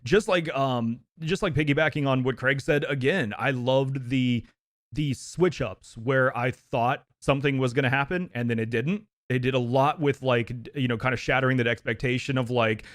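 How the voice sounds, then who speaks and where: A man's voice: medium pitch, moderate pace, no echo. Male host, casual music discussion; easygoing, talkative, dry close mic. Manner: relaxed, chatty, laughs easily. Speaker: podcast host and editor. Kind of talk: casual music review chat.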